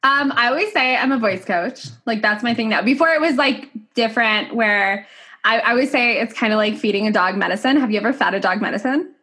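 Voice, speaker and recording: A voice coach chats casually on a podcast in an animated, talkative way, swearing freely and acting out quotes. Her voice is on the high side and she speaks fairly quickly.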